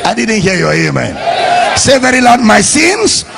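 A male pastor preaching a sermon, leading the congregation in loud call-and-response. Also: high voice, big pitch swings, moderate pace, creaky. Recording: noisy live crowd.

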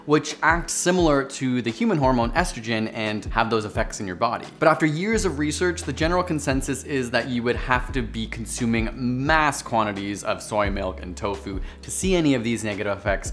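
A man's voice: mid-range voice, a bit bright. A man hosting a scripted science explainer video, delivering facts with playful, jokey asides.

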